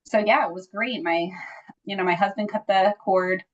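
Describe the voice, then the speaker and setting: A woman talks through a personal story in a relaxed, chatty way, full of little fillers. She has a mid-range voice. The audio sounds a bit dull and lo-fi. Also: mid-range voice, moderate pace. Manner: chatty, frequent "like" and "you know" fillers; animated when acting out quoted dialogue. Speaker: interview guest sharing a birth story. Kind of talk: casual conversational storytelling.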